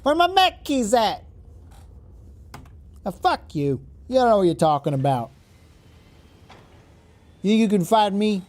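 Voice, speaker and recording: A man putting on a brash, jeering Brooklyn tough guy in a mock Brooklyn accent, half-shouted from off the mic. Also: sits high, big pitch swings, a little slow, pauses often, voice pushed up. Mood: belligerent.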